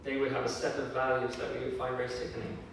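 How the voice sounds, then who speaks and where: A man preaching a sermon in an earnest, measured way, with fillers and raised emphasis when he quotes scripture. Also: mid-range voice, monotone, vocal fry, a little hiss or hum. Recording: echoey hall from far off.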